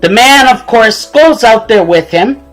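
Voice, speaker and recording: A man's voice: extremely high pitch, animated, measured pace, a bit bright, soft background music, poor audio. A man telling a motivational story in a conversational way, speaking directly to his listeners.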